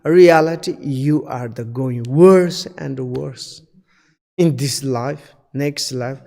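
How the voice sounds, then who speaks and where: Slow, earnest man teaching in halting English. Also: mid-range voice, gravelly, dark tone, big-room sound. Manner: halting, non-native English full of fillers; earnest, pleading, repeats key points. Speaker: Buddhist teacher. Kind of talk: dharma teaching.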